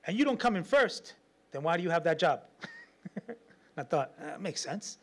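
A man preaching a sermon as pastor, telling stories with lots of laughter and acting out the voices of people in them. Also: on the high side. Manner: animated storytelling, laughs often, acts out quotes.

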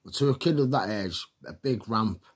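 A man's voice: on the low side, animated, normal speed, slightly rough. A middle-aged man tells rambling stories in a chatty way, laughing often and filling his talk with fillers. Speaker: vlogger. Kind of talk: casual rambling storytelling.

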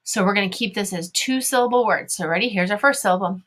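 A woman's voice: mid-range voice, fast, fairly bright tone. A woman teaching a phonics video lesson, sounding out letters and syllables one by one and asking her young learners encouraging questions.

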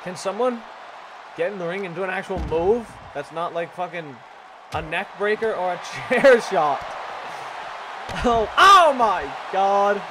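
Excitable man shouting game commentary. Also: sits high, measured pace. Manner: excitable, profane, jokey, frequent shouts and laughs. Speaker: gaming YouTuber doing wrestling commentary. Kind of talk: casual play-by-play commentary of a video game match. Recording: loud crowd and game noise behind. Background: video game arena crowd.

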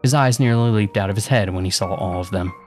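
A man's voice: lowish voice, fast, soft background music. A man narrating a first-person horror story with a casual, sarcastic tone.

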